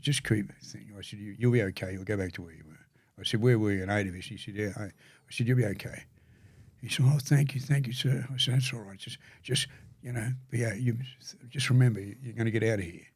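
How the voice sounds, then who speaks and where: Older Australian male guest; earnest, stumbling storyteller, low voice, dry sound. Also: no echo. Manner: halting, repeats words, gravely earnest. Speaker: podcast guest. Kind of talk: storytelling conversation.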